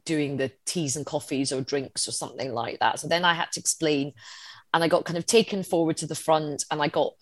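A woman comedian chatting casually, telling a story in a lively, animated way. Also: low-pitched, fairly quick, no echo. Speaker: comedian and speaker. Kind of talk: casual conversation.

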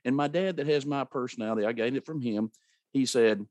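A man's voice: mid-range voice, fairly quick, no echo. Folksy man in his fifties, dry sound. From rural America. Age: 50s. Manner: earnest, folksy, animated when telling a story. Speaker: podcast host. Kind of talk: conversational interview, storytelling.

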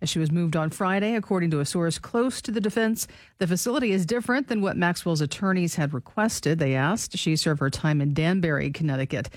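A woman co-hosting a talk radio show, bantering dryly and then reading news reports in a steady way. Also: on the low side, a little fast, no echo. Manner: dry, reluctant, steady reading. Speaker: radio co-host and news reader.

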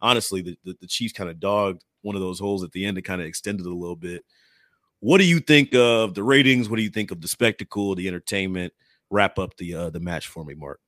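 A man's voice: low-pitched, a little fast, a bit bright, no echo, clean studio sound. A man hosting a sports podcast, chatting casually and laughing easily with his co-host.

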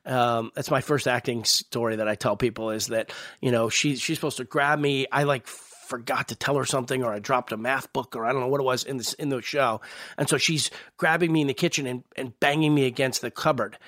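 A man, an actor guest, telling animated anecdotes in casual podcast conversation. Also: medium pitch, moderate pace, no echo. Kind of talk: casual storytelling.

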